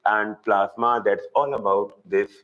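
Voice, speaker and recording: A man with an Indian English accent teaching a live online zoology class, repeating key terms slowly for students. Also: on the low side, fairly even intonation, fairly bright tone, highs cut off.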